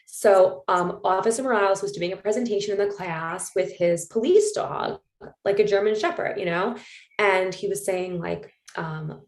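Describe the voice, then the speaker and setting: A woman's voice: mid-range voice, moderate pace. A woman hosting a podcast conversation, her voice sitting in the middle of the usual range. She talks in a loose, chatty way, leaning on little filler words as she tells a story, and the room around her gives the sound a noticeable echo. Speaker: podcast host. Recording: roomy echo.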